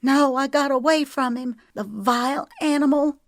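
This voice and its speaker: Woman doing a fiery young sister, high and sharp, defiant. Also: huge pitch swings, normal speed, no room sound, studio quality. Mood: furious.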